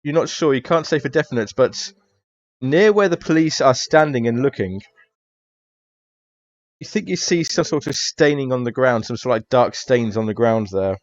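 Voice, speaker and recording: A man's voice: medium pitch, animated, normal speed, no echo. Guy running a tabletop game, um-ing a lot, dull lo-fi sound. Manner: hesitant, many fillers. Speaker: game master.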